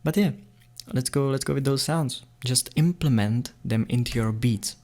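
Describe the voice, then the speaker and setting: A man's voice: medium pitch, normal speed. Playful man explaining beatbox sounds. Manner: playful, excitable, laughs often. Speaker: beatbox tutor. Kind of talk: casual tutorial explanation.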